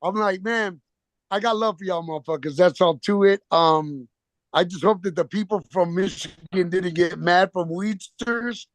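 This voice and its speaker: On a casual video call from his phone, a man speaks at a moderate pace in a high-sitting voice, telling meandering, curse-filled stories in street slang while playing out the back-and-forth. There's no room sound.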